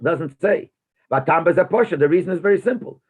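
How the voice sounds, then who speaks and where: A man's voice: fairly high pitch, lively intonation, a little fast, darkish tone, breathy edge. A rabbi teaching a text-study class. He reads a phrase aloud, then translates and explains it, posing questions as he goes. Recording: tinny phone-like lo-fi recording.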